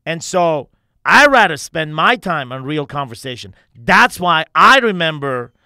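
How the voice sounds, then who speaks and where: Intense bright-voiced male podcast host. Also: fairly high pitch, sing-song, a little slow, clear, resonant tone, no room sound, studio quality. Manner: intense, emphatic, heavy swearing. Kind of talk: candid podcast conversation.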